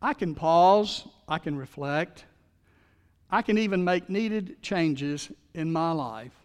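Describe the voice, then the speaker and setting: High-voiced preacher in a reverberant hall. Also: male voice, animated, slow pace, a little mellow, clear, resonant tone. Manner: storytelling with call-and-response, leading the congregation in repeated phrases. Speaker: pastor. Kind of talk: sermon.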